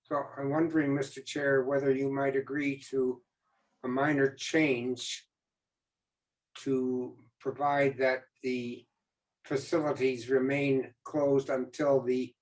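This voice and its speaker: A man's voice: mid-range voice, little pitch movement, takes it slowly, a little mellow, rough recording. A man on a library board asking formal procedural questions in a meeting. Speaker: board member. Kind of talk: meeting discussion.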